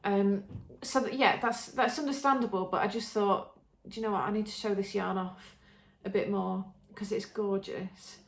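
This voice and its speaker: In a roomy, echoing recording, an English woman hosts a podcast and shows her knitting in relaxed show-and-tell fashion. Her voice is medium-pitched and steady, moving at a moderate pace with few pauses, though she chats eagerly with many ums and restarts.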